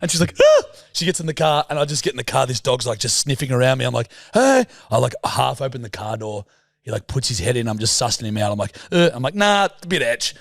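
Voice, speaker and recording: A man's voice: medium pitch, fairly even intonation, quick pace, creaky, no room sound. A young man co-hosting a podcast, telling stories in casual chat with plenty of swearing and laughter. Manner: swearing, storytelling, laughs often. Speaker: podcast co-host.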